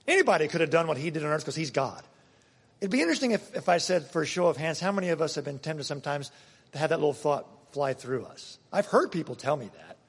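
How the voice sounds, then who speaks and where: A man preaching a sermon and reading scripture aloud, emphatic, swinging between loud passages and hushed ones. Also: on the high side, very animated, normal speed, slightly rough. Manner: dramatic reading of scripture quotes. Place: church. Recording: long reverb of a church hall.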